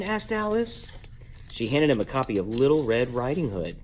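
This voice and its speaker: A man reading a children's book aloud at bedtime at home, lively and playful, jumping up in pitch to give each character a voice. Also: fairly quick, a little hiss or hum. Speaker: parent reading a bedtime story. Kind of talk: bedtime story read-aloud.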